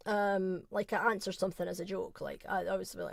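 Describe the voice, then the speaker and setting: A woman's voice: medium pitch, flat delivery, a little fast, gravelly, no room sound, clean studio sound. A young woman streamer who reads game text aloud in a let's play, breaking off often for chatty, self-deprecating asides.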